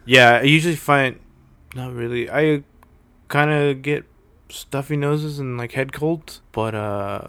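A man's voice: medium pitch, a little slow, fairly bright tone, clean tone, no echo. A man co-hosting a podcast in casual chat, mostly answering with short, supportive replies.

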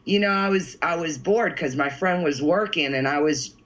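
A man's voice: a little high, moderate pace, fairly bright tone, rough recording. A man from New York telling a story in casual chat, laid-back and rambling. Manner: laid-back, rambling, lots of "you know".

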